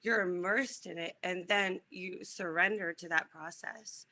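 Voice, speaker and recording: A woman's voice: fairly low pitch, fairly even intonation, a little slow, bright, forceful tone. A woman, an actress on a press panel, speaking earnestly and searching for words as she talks.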